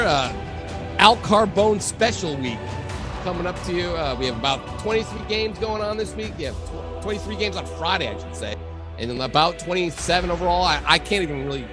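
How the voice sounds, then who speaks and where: A man hosting a casual sports podcast, his voice fairly high and very animated. He talks emphatically, swinging from loud bursts to low asides. Faint music plays behind him. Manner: lively, emphatic, shifts between loud and low. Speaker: podcast host.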